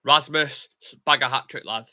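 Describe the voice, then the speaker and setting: At a moderate pace and medium pitch, a young man hosts a live football watchalong on his fan channel. He keeps it chatty and casual, reads viewers' comments out loud, and erupts excitedly for his team.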